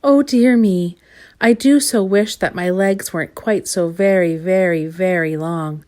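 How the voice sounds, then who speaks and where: A woman's voice: on the low side, darkish tone, close to an everyday voice. A woman voicing a very tall, gloomy man who sighs over his long legs in a storybook reading. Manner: gloomy sighing, slow drawn-out complaints.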